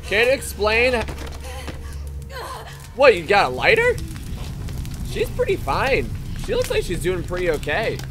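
Excitable, jokey let's play guy. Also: high-pitched, a little slow, pauses often. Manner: excitable, jokey, talks back at the game. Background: game music and sounds.

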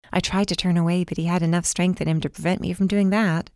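A woman narrating a first-person audiobook in a calm, measured way. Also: lowish voice, no room sound, clean studio sound.

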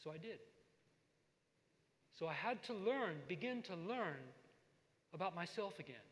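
An older man giving a lifetime achievement talk, telling stories from his career in an animated way with asides to the audience. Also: sits high, unhurried. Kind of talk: lecture with personal stories. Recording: long hall reverb.

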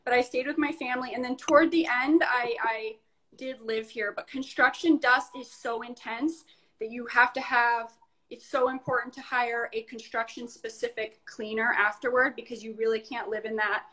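A woman's voice: a little high, steady tone, normal speed, bright, forceful tone, poor audio. A woman chatting casually while showing her apartment and giving practical advice. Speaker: apartment owner giving a home tour. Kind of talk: casual chat.

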